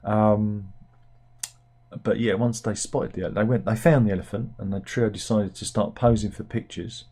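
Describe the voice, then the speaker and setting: The UK comic news host here has a lowish, mellow voice with a breathy edge, fairly even intonation, and normal pace. He chats wryly and rambles, muttering to himself with plenty of fillers and restarts.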